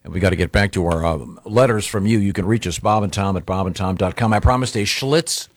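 A man's voice: lowish voice, quick pace, no room sound. A man co-hosting a morning radio show, reading listener letters with hesitant, rambling, dry humor. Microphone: studio microphone.

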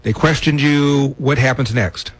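A man hosting a call-in radio show, asking a caller probing questions and calmly steering the conversation. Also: medium pitch, measured pace, breathy edge, dry recording. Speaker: radio talk show host.

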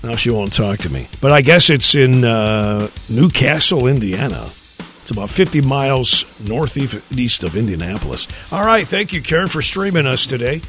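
A man's voice: mid-range voice, lively intonation, moderate pace, fairly bright tone, soft background music. A man hosting a radio show from the studio, folksy and chatty, greeting listeners by name, with a frog in his throat. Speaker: radio host. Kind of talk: casual radio banter.

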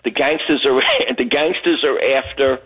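A man's voice: medium pitch, steady tone, normal speed, fairly bright tone, breathy edge. An older man from Brooklyn, calling into a radio show and telling a story with chuckles. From Brooklyn, New York. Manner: rambling, chuckling anecdotes. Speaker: caller. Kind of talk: phone-in storytelling. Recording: phone line.

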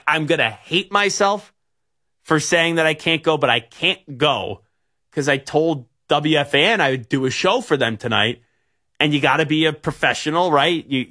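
A man's voice: a little high, pushed and bright. A young man hosting sports radio, telling stories in a rambling way with many restarts. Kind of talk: casual sports radio talk.

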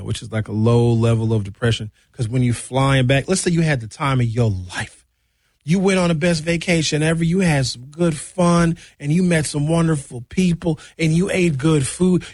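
A man hosting a talk radio show, chatting casually to listeners with lively slangy asides, from a studio mic. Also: fairly high pitch, breathy edge, no room sound.

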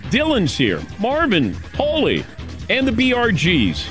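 Rambling, lively-voiced male radio host. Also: high voice, slow, faint music behind. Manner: loose, rambling, with many fillers and restarts. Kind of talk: casual radio talk.

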